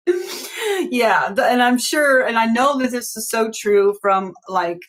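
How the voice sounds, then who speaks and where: A woman's voice: a little high, expressive, a little slow, fairly bright tone. A middle-aged woman hosting an astrology channel, talking casually and emphatically to her viewers, laughing often and giving blunt commands.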